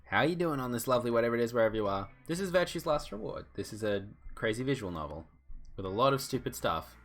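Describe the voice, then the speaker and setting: A man's voice: mid-range voice, very animated, fast, soft background music. A young man streaming a visual novel, chatty and jokey, reading the dialogue aloud.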